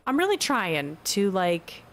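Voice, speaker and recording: A woman streaming a video game, chatting casually with her viewers and reacting brightly to the game. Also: medium pitch, big pitch swings, takes it slowly, soft background music. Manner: chatty and bubbly, reads out chat messages. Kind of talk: casual live-stream chat.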